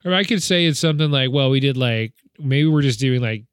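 A man's voice: medium pitch, a little fast, clear, resonant tone, dry recording, clean studio sound. A man co-hosting a podcast, chatting casually about a movie, rambling and acting out lines with laughs. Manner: rambling, acts out quotes with laughs. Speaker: podcast co-host. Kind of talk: casual film discussion.

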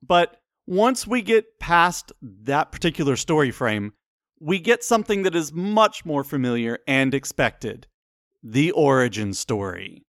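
A man's voice: fairly high pitch, very animated, measured pace, fairly bright tone, dry recording, studio quality. A man co-hosting a film discussion, mixing scripted narration with playful, wry banter. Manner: playful, wry, self-deprecating. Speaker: co-host of a film discussion show.

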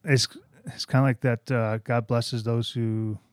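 A man's voice: medium pitch, little pitch movement, a little slow, dry recording, studio quality. A man co-hosting a church podcast, earnestly talking about scripture in casual chat. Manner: earnest, quotes scripture with a laugh.

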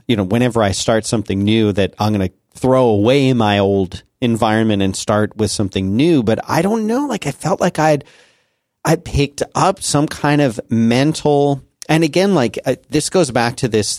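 A man's voice: on the low side, a little mellow, no echo, studio quality. A man in his forties chatting casually on a podcast, rambling with many restarts and fillers. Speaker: podcast co-host. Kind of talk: casual conversational chat.

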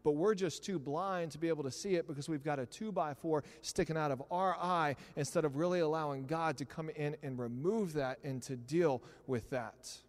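A middle-aged man preaching a sermon in a church, talking conversationally with animated asides. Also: fairly high pitch, normal speed, few pauses. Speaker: pastor. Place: church sanctuary. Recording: long hall reverb.

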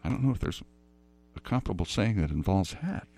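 A man's voice: fairly low pitch, expressive, fairly quick, dark tone. A man co-hosting a podcast, joking around and laughing often in casual chat. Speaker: podcast co-host.

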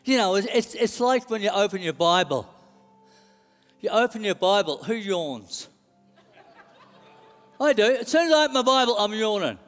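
A man's voice: sits high, moderate pace, long pauses, long reverb tail, soft background music. A man preaching a sermon, telling it like a story and repeating key lines. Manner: animated storytelling, repeats phrases.

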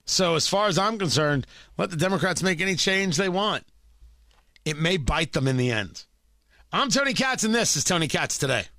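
Male talk host, sarcastic and emphatic opinion delivery, bright, forceful tone. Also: high voice, animated, normal speed, no echo, studio quality. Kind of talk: opinionated political talk commentary.

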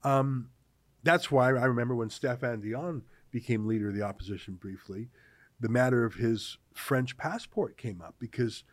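A man from Canada hosting political commentary, talking in an animated, sarcastic way. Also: medium pitch, normal speed, dry recording. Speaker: host.

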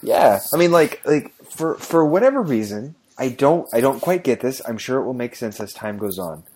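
A man's voice: medium pitch, very animated, normal speed, a little mellow. A man chatting casually on a podcast, ranting and swearing freely about movies. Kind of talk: casual chat.

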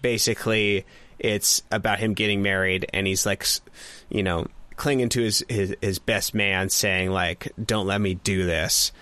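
A man's voice: fairly low pitch, fairly even intonation, measured pace, sharp tone, dry recording. A man co-hosting a casual music review chat, rambling with lots of fillers and frequent laughs. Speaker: podcast co-host.

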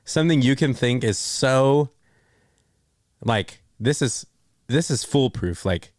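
A man co-hosting a podcast, chatting casually about movies and acting out quotes in an animated way. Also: mid-range voice, slow, no room sound, studio quality. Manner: animated storyteller, acts out quotes. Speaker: podcast co-host. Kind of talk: casual movie review chat.

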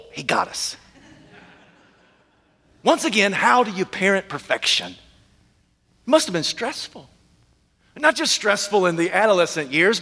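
Pastor giving a sermon, a man with a high voice, animated and funny storyteller, echo of a hall. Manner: animated storyteller, humorous, dramatic. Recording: echoey hall.

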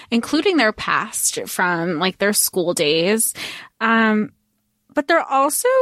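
A woman's voice: fairly high pitch, a bit bright, dry recording, studio quality. A woman co-hosting a podcast, chatting casually about a book and quoting characters with a laugh. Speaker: podcast co-host.

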